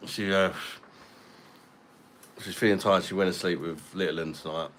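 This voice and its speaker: A man's voice: low-pitched, steady tone, moderate pace, fairly bright tone, slight background noise. A man, chatting casually on a live stream and answering viewers' comments. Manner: laid-back, chatty, reads out viewer comments.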